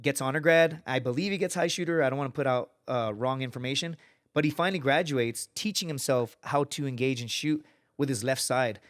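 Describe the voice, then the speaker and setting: A man appearing as a podcast guest, telling stories in a lively, casual way, acting out quotes and swearing often. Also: mid-range voice, a little fast. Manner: animated storyteller, acts out quotes, swears often. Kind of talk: casual storytelling.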